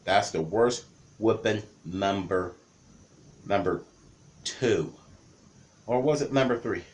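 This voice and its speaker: A vlogger in his thirties from the Cleveland area of Ohio tells childhood stories in a casual, rambling way, repeating words often. His telling is lively, though his voice is on the low side and his pace is slow.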